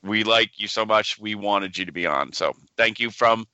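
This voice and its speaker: Bright, dry-sounding male podcast host. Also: fairly low pitch, moderate pace, clear, resonant tone, no echo, lo-fi sound. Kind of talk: casual podcast chat.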